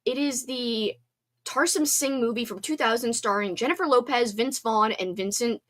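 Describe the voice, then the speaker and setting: A woman's voice: fairly high pitch, moderate pace, fairly bright tone. A woman in her thirties hosting a casual livestream, chatting in a bubbly, talkative way with lots of fillers. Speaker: livestream host reading chat. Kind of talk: casual chat.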